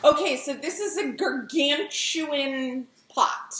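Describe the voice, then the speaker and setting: In her home kitchen, a woman demonstrates a bread recipe, chatting and giggling her way through each step. Her voice is high, slow and a little bright. The recording is low quality, with a roomy sound.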